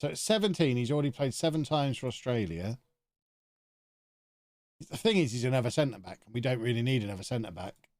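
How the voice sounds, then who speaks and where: A man's voice: mid-range voice, lively intonation, a little fast, long pauses, a little mellow, no room sound, clean studio sound. Chatty man streaming a game. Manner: chatty, thinking aloud to himself. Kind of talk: live video game commentary.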